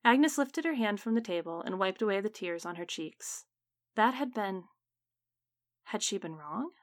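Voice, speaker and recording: A woman reading a story aloud in measured, dramatic audiobook narration. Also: medium pitch, lively intonation, no echo, clean studio sound.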